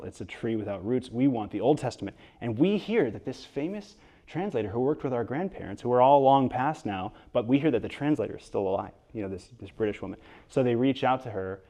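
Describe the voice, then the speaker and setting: A man being interviewed about his book in front of an audience, telling stories in a lively way with quick asides and frequent restarts. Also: on the low side. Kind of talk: storytelling interview talk before an audience. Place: event hall with an audience.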